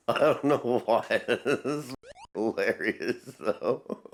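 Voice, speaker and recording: A man's voice: mid-range voice, animated, extremely slow, creaky. A man hosting a casual reaction video, laughing often and rambling between remarks. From Texas.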